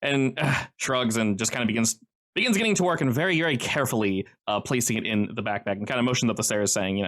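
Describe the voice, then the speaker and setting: A man's voice: mid-range voice, quick pace, fairly bright tone. A man narrating as game master, casual and loose, with lots of fillers.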